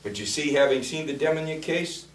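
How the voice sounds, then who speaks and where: A man's voice: on the high side, normal speed, recorded from a distance. A man telling colorful, blunt political stories and acting out the quotes. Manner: colorful, blunt, acts out quotes with big swings in loudness. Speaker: former congressman telling stories. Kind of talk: animated storytelling speech. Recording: echoey room, speaker away from the mic.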